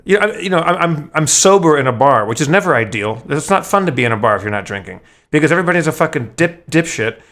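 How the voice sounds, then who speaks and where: A man's voice: fairly high pitch, expressive, fast, few pauses, fairly bright tone. A man telling a long story in casual podcast chat, rambling with frequent stammered restarts and swearing. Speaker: podcast host.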